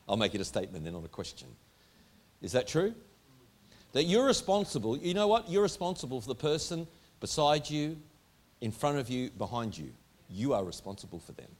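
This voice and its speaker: A man's voice: medium pitch, big pitch swings, normal speed, pauses often. A man preaching a sermon to a congregation in a church, emphatic and driving home his points with repeated rhetorical questions. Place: church hall before a congregation.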